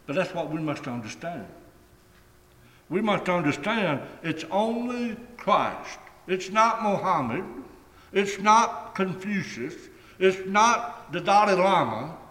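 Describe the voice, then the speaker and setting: A man preaching a sermon in a deliberate, emphatic way, stretching key phrases and letting them fall away at the ends. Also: sits high, lively intonation, bright, forceful tone. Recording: echoey hall with long reverb.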